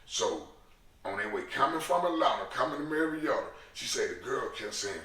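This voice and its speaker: Animated man in echoey room. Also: mid-range voice, moderate pace, distant mic. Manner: animated, profane, acts out voices in his stories. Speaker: guest. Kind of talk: storytelling in a casual interview. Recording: echoey room, set back from the mic.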